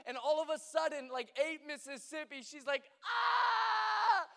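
A man's voice: very high voice, fairly even intonation, brisk, fairly bright tone. A young man who is a pastor, giving a conversational sermon as a chatty, joking storyteller with lots of fillers, in a large church hall. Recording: long hall reverb.

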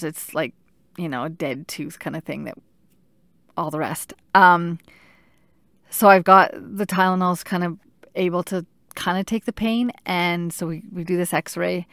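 A middle-aged woman telling a personal story in casual talk, animated and halting, with many restarts and filler "like"s. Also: fairly low pitch, dry recording, studio quality.

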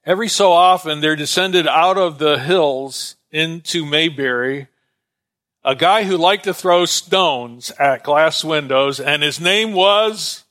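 Guy teaching a bible class, fairly high bright voice, rambling and chatty, lots of uhs. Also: takes it slowly. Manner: conversational, digressive, many fillers. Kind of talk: informal Bible lesson.

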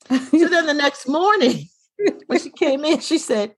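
Middle-aged female co-host, chatty and animated, dry close-mic sound. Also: sits high, measured pace, no echo. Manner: animated storyteller, acts out quoted dialogue. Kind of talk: casual chat, storytelling.

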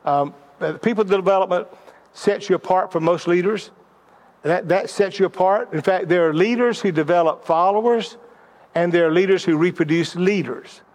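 In a sermon-style lesson on leadership, a middle-aged man with a notably high, darkish voice speaks at a normal speed. He weaves in personal stories, giving his teaching a narrative flow, and often stumbles over words, repeating them as he restarts.

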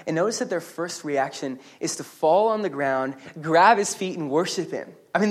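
A man preaching a sermon as pastor at a church service, animated and humorous, with quick restarts and asides. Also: on the high side.

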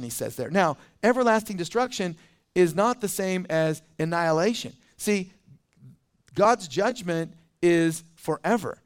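A man's voice: sits high, animated, unhurried, clear, resonant tone. A man, a pastor, preaching a sermon in a loose conversational way and acting out the voices of people he quotes.

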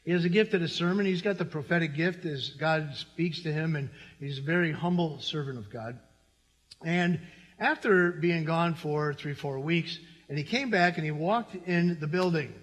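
A man's voice: a little high, normal speed, a bit bright, long reverb tail. A middle-aged man pastor preaching a sermon in a church, talking conversationally and turning to the congregation with asides. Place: church sanctuary.

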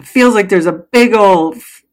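Speaking at medium pitch and a little slowly, a middle-aged woman coaches her clients through a casual motivational talk. She is emotional, often sighing and laughing, in the manner of a coach or healer.

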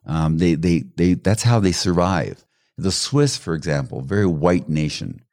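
A man in middle age with a very low voice talks through personality types in an easygoing way. He tells stories, slips into the voices of people he quotes, and laughs along with his own anecdotes. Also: a little slow. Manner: animated storyteller, acts out quoted voices; laughs while telling stories. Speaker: guest expert on personality colors. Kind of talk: conversational explaining with anecdotes.

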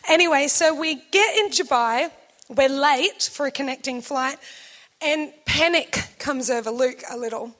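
Animated high bright woman preaching. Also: unhurried. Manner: animated, acts out quotes, laughs often. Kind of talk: sermon storytelling.

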